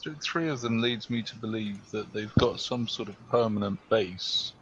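A man's voice: on the low side, moderate pace. A man playing a tabletop game, asking questions and thinking aloud. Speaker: player. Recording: dull lo-fi mic with faint noise.

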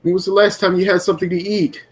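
A man playing a tabletop game, asking calm, coaxing questions in character. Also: sits high, fast. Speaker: player.

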